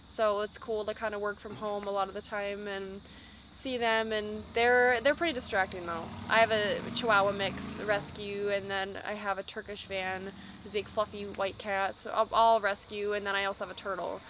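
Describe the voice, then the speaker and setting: A woman's voice: medium pitch, normal speed, background noise. A young woman, a band vocalist, chatting casually in an interview and acting out the people in her stories. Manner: lively storyteller, acts out quotes.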